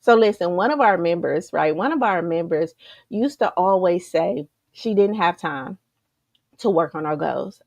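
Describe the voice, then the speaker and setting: A woman coaching a group in a lively motivational talk, full of rhetorical questions and repeated calls to "you guys.". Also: fairly low pitch, moderate pace, creaky, dry recording. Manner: energetic, repetitive, rhetorical questions, keeps saying "you guys".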